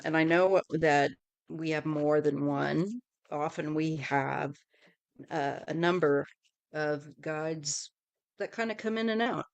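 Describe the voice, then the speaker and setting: A middle-aged woman hosting a tarot livestream, chatting casually in a rambling way and often trailing off softly. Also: deep voice.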